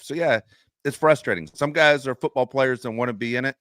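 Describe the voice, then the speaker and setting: A man co-hosting a sports fan podcast, telling animated stories in a casual chat and laughing often. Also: medium pitch, fast, dry recording, clean studio sound. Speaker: podcast co-host.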